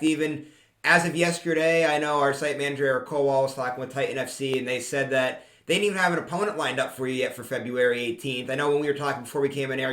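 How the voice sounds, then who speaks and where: A man's voice: mid-range voice, a bit bright, echoey room. A man hosting an interview, asking long run-on questions. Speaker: interview host.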